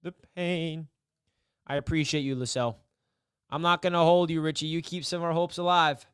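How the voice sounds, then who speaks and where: A man's voice: a little high, fast talker, clean tone, no echo, studio quality. A young man hosting a casual live sports stream, rambling and mock-despairing, repeating himself.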